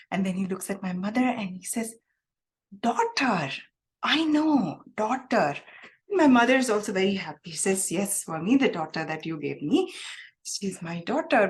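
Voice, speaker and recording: Woman telling a halting personal story. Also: medium pitch, darkish tone. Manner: reflective, halting, many fillers. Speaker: guest speaker.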